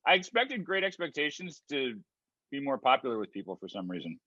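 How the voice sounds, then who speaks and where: Homme à la voix vive, son terne. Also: male voice, mid-range voice, big pitch swings, a little fast, sharp tone, dry recording. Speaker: co-host reading out track lists. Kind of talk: casual chat. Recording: dull lo-fi dry sound.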